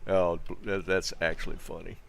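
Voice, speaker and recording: A man's voice: low-pitched, little pitch movement, normal speed, vocal fry, fairly bright tone. A man streaming a video game, chatting casually with his viewers, often breaking into laughter and addressing them by name.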